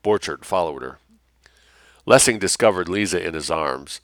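A man reading an audiobook as narrator in an even, measured way. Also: low voice, no room sound, studio quality. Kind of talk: scripted narration.

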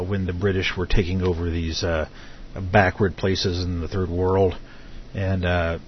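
A middle-aged man hosting a live internet radio talk show, speaking in a halting way full of filler hesitations. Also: low voice, husky. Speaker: host. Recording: dull lo-fi audio with faint noise.

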